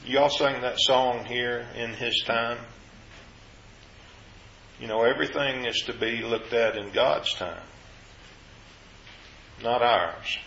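A man delivers a sermon in a bright, forceful voice, earnest and careful in his explanations. He lifts his pitch whenever he quotes scripture. The sound is dull and lo-fi, and it echoes around a roomy church. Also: slow pace, gravelly, long pauses, a little hiss or hum. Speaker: preacher.

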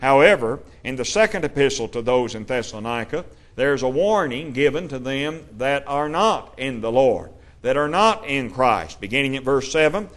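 Male preacher with a mid-range voice, measured Bible teaching with forceful scripture readings. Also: medium pitch, lively intonation. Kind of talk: sermon.

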